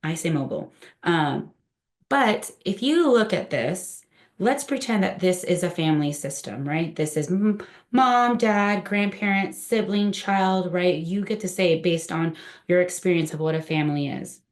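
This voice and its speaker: A woman's voice: on the low side, a little slow. A woman trainer giving a conversational presentation to a room, often asking the group questions.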